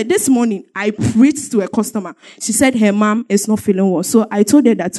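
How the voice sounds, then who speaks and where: A woman's voice: medium pitch, normal speed, hardly any pauses, dark tone. A woman giving an emotional church testimony, telling her story emphatically with repetition and bursts of laughter.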